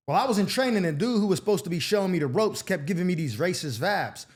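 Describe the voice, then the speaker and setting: A man's voice: high voice, lively intonation, fast talker, hardly any pauses. A man hosting an advice show, reading viewer letters and answering with blunt, slangy, streetwise commentary in a casual chat style.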